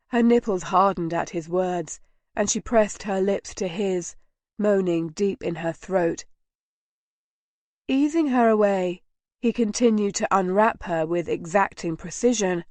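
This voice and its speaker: A woman narrating an audiobook in a slow, even, soft reading. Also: medium pitch, no room sound. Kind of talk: scripted narration.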